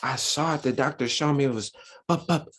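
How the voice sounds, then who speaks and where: A man's voice: mid-range voice, quick pace, a bit bright. A man teaching a religious Sunday school lesson, preaching with lots of rhetorical questions to his listeners.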